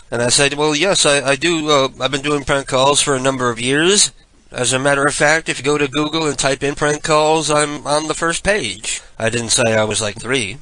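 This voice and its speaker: Bright-voiced man in his forties. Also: medium pitch, steady tone, a little fast, no echo, rough recording. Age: 40s. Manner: rambling, self-mocking, chuckling storyteller. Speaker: prank call show host. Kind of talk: casual live radio monologue.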